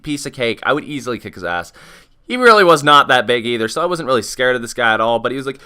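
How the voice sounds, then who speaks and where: A man's voice: mid-range voice, fast talker, clean tone. A young man telling a story in a casual vlog, swearing freely and acting out what was said. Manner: profane, animated retelling with many quoted asides. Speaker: vlogger.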